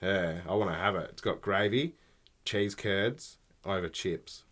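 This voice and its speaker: A man's voice: deep voice, a little slow, a bit bright. A man co-hosting a podcast, chatting in joking, sweary banter with a stuffy nose. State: congested sinuses. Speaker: podcast co-host. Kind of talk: casual chat.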